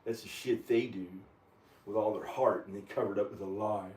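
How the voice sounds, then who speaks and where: Low-voiced man rambling in an echoey room. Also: fairly even intonation, a little fast, darkish tone. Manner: rambling, agitated. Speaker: video maker. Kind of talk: rambling monologue. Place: at home, kitchen. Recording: echoey room, camera far from the mouth.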